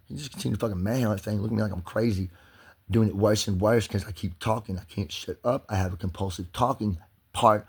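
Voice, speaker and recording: A man's voice: on the low side, slightly rough. A man venting angrily in a rambling, profane monologue to his channel. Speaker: vlogger.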